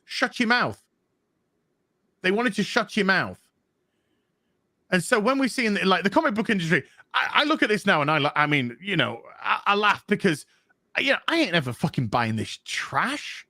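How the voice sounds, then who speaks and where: High bright-voiced man ranting, profane. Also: normal speed, no echo. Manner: profane and animated, mocking voices of others. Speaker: comic book show co-host. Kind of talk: heated opinion rant on a livestream panel.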